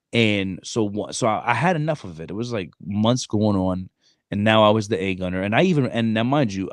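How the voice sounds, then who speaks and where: A man in his thirties spins a story for his podcast in loose, slangy talk, calling his listener "bro" again and again. His voice sits low. The sound is close and dry, with no room around it. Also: no room sound. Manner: animated, streetwise slang, frequent "bro". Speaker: podcast co-host. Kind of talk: casual storytelling chat.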